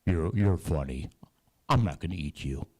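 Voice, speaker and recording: Guy doing a big strong storybook lion, deep voice, booms and laughs, lots of swing. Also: animated, normal speed, a little mellow, husky. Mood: proud. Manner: booming, laughing and mock-crying.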